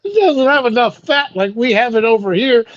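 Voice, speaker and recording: A man co-hosting a casual chat, loud and joking, often laughing. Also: very high voice, expressive, normal speed. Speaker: podcast co-host. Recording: dull lo-fi sound.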